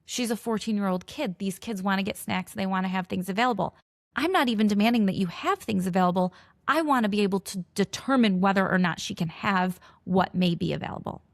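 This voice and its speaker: A woman's voice: mid-range voice, brisk, no room sound, clean studio sound. A woman in her forties, a mother, telling a personal story to camera and acting out both sides of each conversation. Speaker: mother of a teenager with food allergies.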